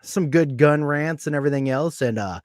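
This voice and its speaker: A man's voice: a little high, moderate pace, darkish tone, no echo, studio quality. A man hosting a podcast, speaking bluntly with heavy swearing and frequent laughter. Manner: blunt, profane, laughs often. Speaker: podcast host. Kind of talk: casual podcast chat.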